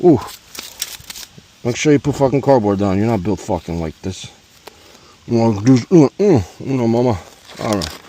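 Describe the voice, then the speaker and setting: A man's voice: on the low side, normal speed, long pauses, a little hiss or hum. A man in his forties tells a joking, profane story while he changes a car's oil outdoors at home. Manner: profane, joking, rambling and animated. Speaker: DIY car vlogger. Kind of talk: casual storytelling while working on a car.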